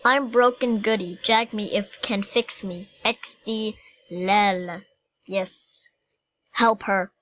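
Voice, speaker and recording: A woman's voice: medium pitch, steady tone, takes it slowly, a bit bright, a little hiss or hum, poor audio. A woman giving playful, giggly gameplay commentary as a YouTuber. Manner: playful and giggly, silly jokes. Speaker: gaming YouTuber.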